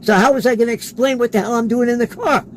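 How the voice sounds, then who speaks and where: A man's voice: very high-pitched, fairly even intonation, fast, a little hiss or hum, poor audio. Man acting out dialogue in a story. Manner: acts out quoted dialogue in his stories. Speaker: interview guest. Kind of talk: casual personal storytelling.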